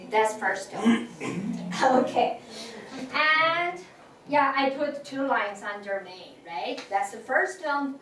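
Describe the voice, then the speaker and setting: High-voiced teacher in an echoey classroom. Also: female voice, very animated, slow, a crowd in the background. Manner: patient, repeats tones for students, many fillers. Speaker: Chinese language teacher. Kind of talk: classroom lesson. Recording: echoey room from far off, faint noise.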